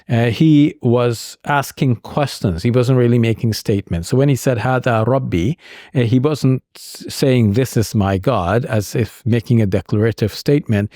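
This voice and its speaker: A man explaining scripture on a talk show, in a measured, thoughtful way with frequent pauses. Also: mid-range voice, dark tone, dry recording, studio quality. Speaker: Islamic scholar guest.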